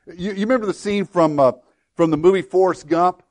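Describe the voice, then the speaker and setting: A man's voice: high voice, fairly quick, a little mellow, dry recording. A middle-aged man preaching a sermon in an earnest, conversational way, acting out the prayers and pleas he quotes. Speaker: pastor.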